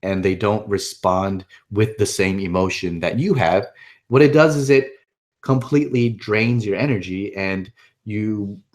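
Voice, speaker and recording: A man's voice: fairly low pitch, measured pace. A man presenting a webinar in a casual, upbeat way, often checking in with the listener. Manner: upbeat, conversational, keeps checking in with "right?". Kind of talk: casual instructional talk.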